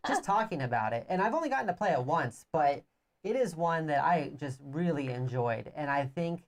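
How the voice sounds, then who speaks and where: A woman with a notably low voice chats casually as a show co-host. She sounds eager and rambles a little as she explains. Her talk is relaxed and unscripted. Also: moderate pace. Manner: enthusiastic, rambling storyteller. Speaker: co-host of a board game review show. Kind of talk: casual chat.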